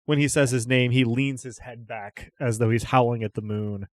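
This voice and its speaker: A man's voice: medium pitch, fairly even intonation, moderate pace, dry recording. A man narrating a tabletop game as game master, chatty and often restarting his descriptions.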